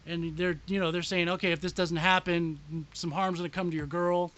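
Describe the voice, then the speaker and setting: A man co-hosting a podcast, describing a favorite scene in excited, profane casual chat. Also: sits high, fairly quick, dull audio. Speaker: podcast co-host.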